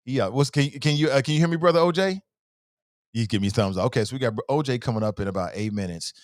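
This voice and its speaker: A middle-aged man from Cincinnati hosts a casual morning talk show, looping back and repeating his phrases for emphasis. His voice sits at an ordinary middle pitch. The recording is dry and close, with no room sound. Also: fast, no room sound. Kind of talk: casual live-stream talk.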